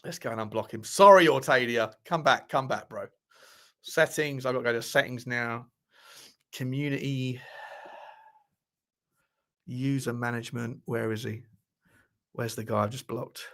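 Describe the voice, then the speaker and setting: A man's voice: mid-range voice, a little slow, pauses often, fairly bright tone. A man hosting a casual football livestream, chatty and thinking aloud, swearing now and then. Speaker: football channel host.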